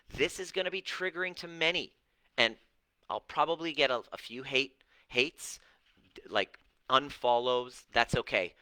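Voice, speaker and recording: A man's voice: mid-range voice, sharp tone, no room sound, low-quality recording. A middle-aged man coaching on relationships and healing, talking bluntly and preachily with profanity and mocking put-on voices. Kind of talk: direct-to-camera talk answering viewers.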